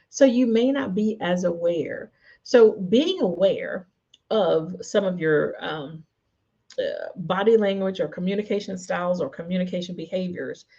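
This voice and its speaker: Woman coaching viewers in a mellow, husky voice. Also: lowish voice. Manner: conversational, coaching, direct address to viewers. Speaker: host and personal development coach. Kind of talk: motivational talk to camera. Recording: dull lo-fi livestream audio.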